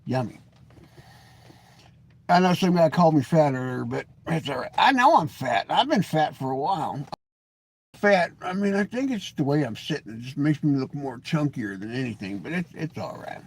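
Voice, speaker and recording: A folksy man from Washington state chats loosely on a live stream and calls himself a grumpy bastard. His voice sits slightly high and swings widely in pitch. He jokes his way through stories. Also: moderate pace, vocal fry, slight background noise. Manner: folksy, self-described grumpy, joking; lively pitch swings, mimics voices in anecdotes. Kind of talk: casual rambling live stream chat.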